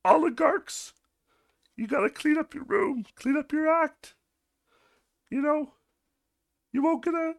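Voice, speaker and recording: A man's voice: very high voice, creaky, voice pushed up, exaggerated voice. A man putting on the voice of a stern older male pundit, lecturing in a reedy, preachy tone.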